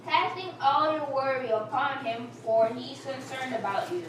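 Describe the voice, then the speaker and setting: A woman reads scripture slowly and carefully, stumbling a little. Her voice is slightly high and sounds far off. Heavy room echo and a steady noise surround her. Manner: slow, halting reading. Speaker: scripture reader. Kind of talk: reading scripture aloud. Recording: echoey room from far off, noisy.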